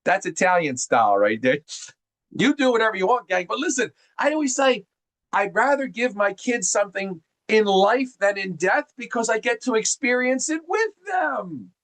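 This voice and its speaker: A middle-aged man from New Jersey speaks in a fairly high voice, running a group call like an animated seminar. He is folksy and keeps calling his listeners gang. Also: normal speed, rough recording. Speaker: mortgage presenter on a group call. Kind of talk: energetic seminar talk.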